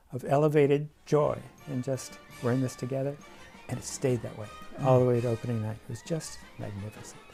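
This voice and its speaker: A man's voice: mid-range voice, warm tone. A man who is a guest in a casual conversation, recounting vivid theatre memories with emphasis. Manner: vivid storytelling, emphatic recollection. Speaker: guest recalling theatre production.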